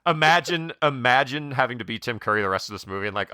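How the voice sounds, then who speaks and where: A man talking on a podcast with a bright, forceful tone, recorded dry and close. He gets animated and slips into exaggerated voices to act out favorite film lines. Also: mid-range voice, fast, smooth, dry recording. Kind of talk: casual podcast chat.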